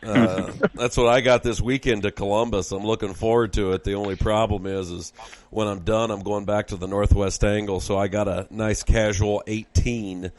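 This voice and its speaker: A man's voice: fairly low pitch, steady tone, moderate pace, darkish tone. A man hosting a podcast, talking in a folksy, upbeat and rambling way with many fillers. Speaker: podcast host. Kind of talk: casual podcast chat with ad reads.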